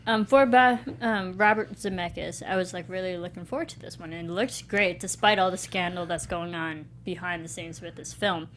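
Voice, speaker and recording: A woman's voice: fairly low pitch, a little hiss or hum. Bubbly female movie-review co-host. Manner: bubbly, animated, quick to laugh. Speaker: podcast co-host. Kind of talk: casual movie review chat.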